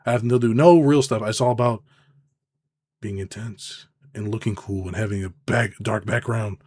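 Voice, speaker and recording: A man's voice: steady tone, normal speed. Sarcastic, profane man ranting on camera. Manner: swings between loud outbursts and low mutters. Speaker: business consultant. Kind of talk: casual rant to camera.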